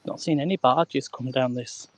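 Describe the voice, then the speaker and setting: Out on a canal towpath, a man casually live-streams as he walks, calling out viewers by name and laughing often. His voice sits at a normal middle pitch and moves at a normal speed, picked up by what sounds like a handheld phone.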